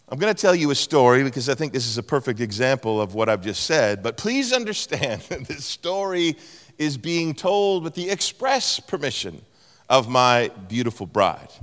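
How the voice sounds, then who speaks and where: A middle-aged man preaching a sermon in a large church, telling stories and playfully mimicking voices. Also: moderate pace. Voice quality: animated storytelling with playful mimicry of a higher-pitched tone. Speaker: pastor. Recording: long hall reverb.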